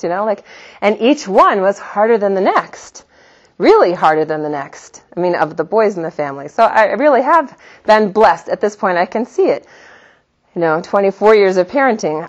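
Middle-aged woman religious teacher, animated storyteller with a lively, swinging delivery, slightly muffled recording. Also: mid-range voice. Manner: animated storyteller, laughs often. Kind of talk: religious talk with personal stories.

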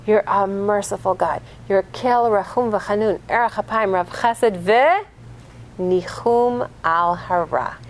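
A woman's voice: mid-range voice, a little slow, slight background noise, natural voice. A woman voicing an angry male prophet, accusing God in an indignant tirade.

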